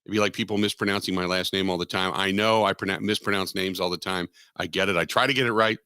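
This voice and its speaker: A man's voice: low voice, steady tone, quick pace, sharp tone, clear, resonant tone, dry recording, studio quality. A man from Southwestern Ohio hosting a sports radio show, rambling in casual chat and repeating himself with self-deprecating asides. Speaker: radio sports talk host. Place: radio studio.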